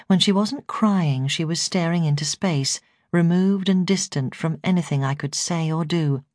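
A woman narrating a first-person memoir in a measured, earnest reading. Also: lowish voice, darkish tone, no echo, clean studio sound. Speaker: audiobook narrator.

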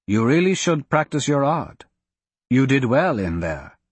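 A man reading an audiobook, voicing an ancient, cryptic male wizard who speaks in a measured, grave and blunt way. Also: medium pitch, very animated, slightly rough, no room sound. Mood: calm. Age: older.

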